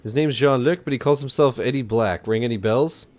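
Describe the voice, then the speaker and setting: A man's voice: mid-range voice, a little fast, a little mellow, close to an everyday voice. A man voicing a jovial middle-aged male biker who runs a record shop, speaking with a put-on French accent.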